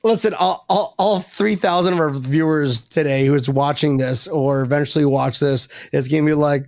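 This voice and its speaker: Excitable man with a gravelly edge. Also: on the high side, moderate pace, few pauses, dry recording. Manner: loud, excitable, joking, stammers when worked up. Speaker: podcast host. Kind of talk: rowdy casual podcast banter.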